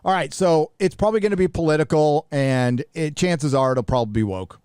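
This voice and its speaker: A man's voice: a little high, a little fast, darkish tone, clean tone, no echo, studio quality. A middle-aged man from the United States hosting a live show, talking bluntly and casually with profanity and frequent restarts. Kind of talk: casual livestream commentary.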